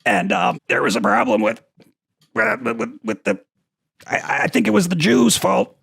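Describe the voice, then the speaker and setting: A man putting on the voice of a strained older male politician, halting and hesitant, with a raspy gravelly tone. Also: high voice, huge pitch swings, a bit bright, no room sound, studio quality, pitched above the performer's own voice, heavily acted. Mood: evasive.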